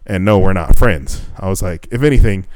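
A man's voice: low voice, brisk, slight background noise. A young man on a podcast, casually telling a dating story, swearing freely and acting out the dialogue. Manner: profane, animated retelling with quoted dialogue. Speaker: podcast co-host.

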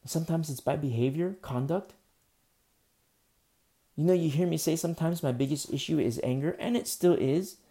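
Male pastor, casual rambling sermon, gravelly and mellow. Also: on the high side, moderate pace, long pauses. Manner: casual, rambling, many fillers and restarts. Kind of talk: conversational sermon.

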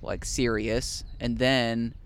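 Easygoing young American man, smooth voice. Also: medium pitch, little pitch movement. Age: 20s. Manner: halting, many uh fillers, laughs easily. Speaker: guest comedian. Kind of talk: casual podcast chat. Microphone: studio mic.

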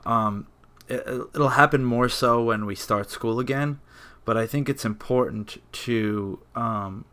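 A man working as a high school campus minister, chatting on a podcast in a halting way with many fillers. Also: fairly bright tone. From New York area. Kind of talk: casual podcast chat.

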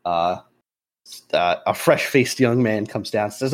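A man running a tabletop role-playing game as game master, narrating in a relaxed way with frequent pauses and chuckles. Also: fairly low pitch. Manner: relaxed, chuckling, hesitant fillers.

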